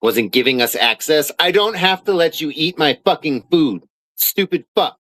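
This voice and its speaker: A man with a fairly high voice vents in a heated, profane vlog rant. His tone stays sarcastic and biting. The sound is dry and close, with no room echo at all. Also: animated, normal speed, fairly bright tone. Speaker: vlogger. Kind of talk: angry rant reading out documents.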